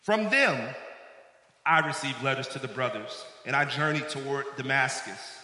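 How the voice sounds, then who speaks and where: A man's voice: medium pitch, moderate pace, bright, forceful tone. A man preaching a sermon as pastor, calling out to the congregation for responses. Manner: preaching with call-outs to the congregation. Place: church sanctuary. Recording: echoey hall with long reverb.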